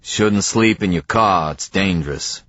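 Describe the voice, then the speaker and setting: A man voicing a gruff, ugly older male drifter with a guttural Southern accent, in a dry, slightly dull audiobook recording. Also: sits low, a little slow, a bit bright, no room sound. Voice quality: guttural, grunting.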